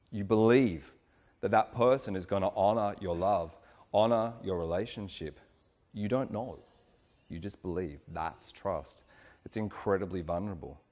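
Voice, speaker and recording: An earnest man with a fairly low voice giving a coaching talk on relationships. He is reflective and stretches out the words he wants to land. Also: moderate pace, a little mellow, big-room sound. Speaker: relationship workshop leader.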